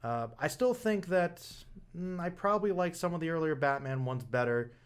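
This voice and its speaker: A man's voice: on the high side, lively intonation, moderate pace, clear, resonant tone. A young man giving a casual, rambling film review, full of fillers and restarts.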